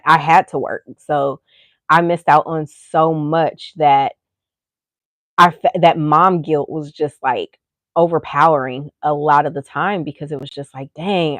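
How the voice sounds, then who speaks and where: A woman's voice: low-pitched, no echo. A woman hosting a podcast, talking candidly in a casual, rambling way full of "you know" asides. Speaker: podcast host and mother. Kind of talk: casual chat.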